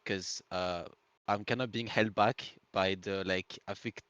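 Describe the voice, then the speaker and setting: A man with a French accent asks an eager question on a voice call. His voice sits a little low and the sound is dry and close. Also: fairly even intonation, measured pace, a bit bright, smooth, no room sound, lo-fi sound. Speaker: audience member asking a question.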